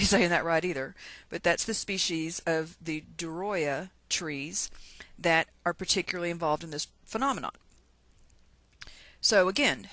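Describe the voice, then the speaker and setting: A woman's voice: fairly low pitch, a bit bright, no echo. A middle-aged woman with a Texan twang, teaching science in a chatty, self-deprecating screencast lecture.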